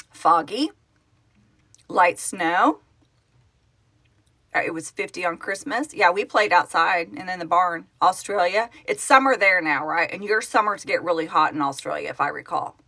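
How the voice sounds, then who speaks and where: Speaking into her phone at home, a middle-aged livestream host and project founder from Oklahoma, United States, reads and answers viewer comments as they arrive. Her bright, clear voice is on the low side, unhurried, with long pauses. She's casual and chatty, rambling and correcting herself as she goes.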